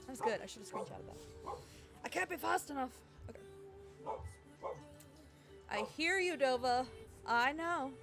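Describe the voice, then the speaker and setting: A woman streaming a game from home, chatting with viewers in a bubbly, excitable way. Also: high-pitched, moderate pace, creaky, long pauses. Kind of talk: casual live-stream chat. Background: game music and barking dogs.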